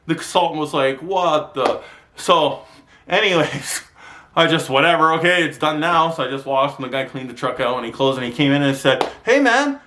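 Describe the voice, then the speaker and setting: A man ranting to camera in a vlog, telling stories in an exasperated, sweary, animated way, filmed with a handheld camera mic. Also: on the high side, fairly quick. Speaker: vlogger.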